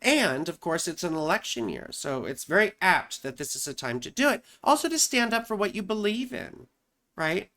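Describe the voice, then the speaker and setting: A woman's voice: lowish voice, very animated, moderate pace, fairly bright tone. A woman astrologer explaining horoscopes in a loose, chatty way, often saying "you know" and "right?".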